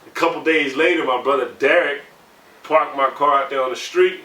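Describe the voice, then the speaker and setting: A man's voice: a little high, normal speed, sharp tone. A man in his thirties telling candid personal stories in a conversational way, often saying "you know". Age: 30s. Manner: conversational, heated when recounting, many "you know" fillers. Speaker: navy sailor interviewee. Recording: roomy sound, mic at a distance, faint background hum.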